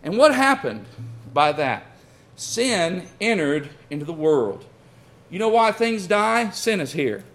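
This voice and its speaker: A man's voice: sits high, big pitch swings, slow, a bit bright. A man preaching a sermon in a folksy, storytelling way, calling his listeners friends and pressing his points with rising and falling force. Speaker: pastor.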